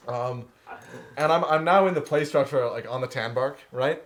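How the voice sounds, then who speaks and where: A man's voice: medium pitch, normal speed, crowd noise. A man telling a comic dream story at a live poetry night, rambling with lots of fillers and laughing as he goes. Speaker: open mic storyteller.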